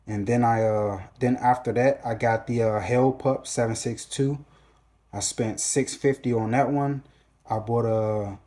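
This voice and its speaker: A man with a lowish, mellow voice talks through a loose storytime recap. His speech is casual and profane, and he often stops to hunt for words and restart. It sounds like a relaxed solo monologue. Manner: casual, profane, hesitant with many fillers and restarts. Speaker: gun channel host.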